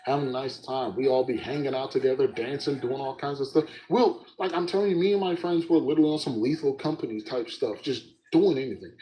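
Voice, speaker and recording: A young man hosting a casual solo podcast, telling stories in an animated way and often breaking into laughs. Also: medium pitch, slight background noise, low-quality recording.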